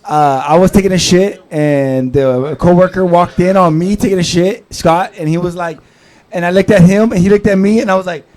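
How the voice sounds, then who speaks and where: A drunk male host with a notably high voice works the room at an open mic. He rambles loosely and shouts out to the crowd between prize giveaways, all on a live stage mic. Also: steady tone, a little fast. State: tipsy. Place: comedy club stage before a live audience.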